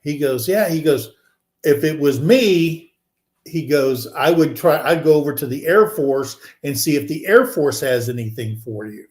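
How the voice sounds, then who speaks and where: An older man in his sixties with a slightly high voice spins a casual, rambling story full of fillers and restarts. He acts out the people he quotes by lifting his voice, and the recording carries a noticeable echo of the room. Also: moderate pace, hardly any pauses. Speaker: podcast co-host. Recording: echoey room.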